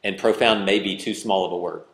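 A male pastor delivers a sermon with a fairly low voice, reading scripture and pressing his points with growing force. The sound carries a roomy echo, as if from a church hall. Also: fairly even intonation, fairly quick, vocal fry, fairly bright tone. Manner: preaching with rising intensity, reading scripture aloud.

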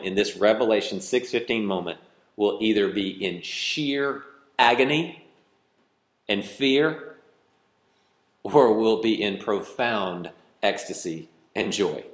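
Man preaching in a roomy hall. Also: lowish voice. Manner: preaching with rising intensity, reading scripture aloud. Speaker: pastor. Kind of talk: sermon.

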